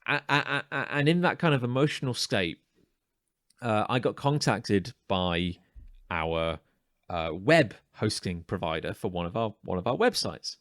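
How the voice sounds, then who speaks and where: A man's voice: on the low side, animated, normal speed, dry recording, studio quality. A man co-hosting a casual podcast chat, telling a story animatedly, acting out the quoted exchanges and stumbling over restarts as he builds it up. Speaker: podcast co-host.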